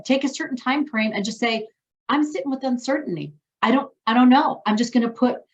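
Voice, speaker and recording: A woman leading a group call as coach, talking in a gentle, affirming, encouraging way. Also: mid-range voice. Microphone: video call.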